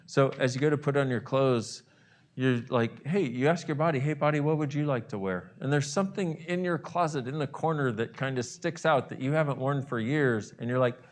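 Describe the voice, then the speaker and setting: A man's voice: mid-range voice, moderate pace. A man speaking as a self-help host, leading listeners through an imagined morning and voicing their inner reactions with gasps and exclamations. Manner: animated, acts out inner voices with gasps and exclamations. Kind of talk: guided visualization talk.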